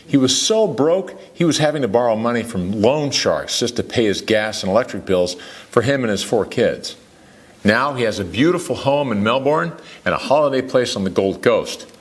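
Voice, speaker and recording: A man giving an upbeat, salesy pitch as a company founder, chuckling now and then.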